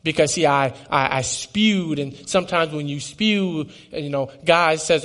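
A man in his twenties with a high, light voice shares his testimony in an earnest, emotional way. He often trips over his words and starts again. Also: unhurried, few pauses, fairly bright tone. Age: 20s. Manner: earnest and emotional, with frequent restarts. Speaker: speaker giving a testimony. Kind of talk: personal testimony talk.

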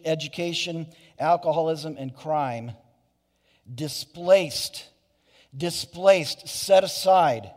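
Preaching man in a reverberant hall. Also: fairly high pitch. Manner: earnest preaching with frequent restarts and "you know". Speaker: pastor. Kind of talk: sermon. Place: church sanctuary.

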